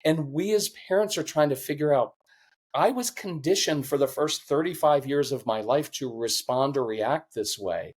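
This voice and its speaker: A man's voice: a little high, normal speed. Earnest middle-aged man, choked up. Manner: earnest, emotional, animated storytelling. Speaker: podcast guest, parenting coach. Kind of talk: conversational interview.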